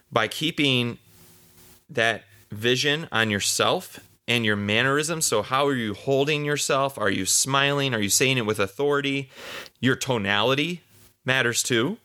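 A man's voice: medium pitch, animated, moderate pace, bright, forceful tone. A man in his mid-thirties hosting a podcast, talking earnestly and casually through a self-help topic, often repeating himself. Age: 30s. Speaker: podcast host.

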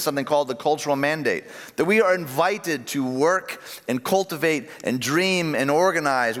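A pastor preaches with a lively, swinging delivery in a slightly high voice, sinking low and quiet to land his key phrases. His words ring out with a long reverb from a large church hall. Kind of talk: sermon.

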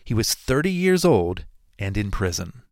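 A man co-hosting a podcast, giving a measured, scripted storytelling read. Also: fairly low pitch, very animated, no room sound, studio quality. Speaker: podcast co-host.

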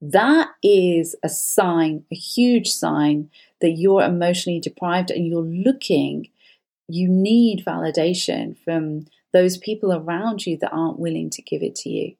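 A woman's voice: fairly low pitch, a little slow, creaky, dark tone. A woman therapist giving earnest advice as a guest, building emphatic lists of repeated phrases.

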